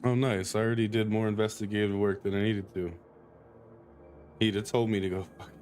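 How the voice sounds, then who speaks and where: A man's voice: fairly low pitch, level tone, fairly quick, a little mellow, faint music behind. A young man casually commenting while streaming a game, laid-back with joking asides.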